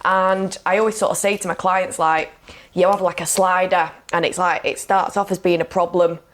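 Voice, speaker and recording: A woman's voice: on the low side, fairly even intonation, normal speed. A woman speaking as a podcast guest and coach, telling a personal story frankly and emotionally, with lots of "like" and "you know". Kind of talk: candid conversational storytelling.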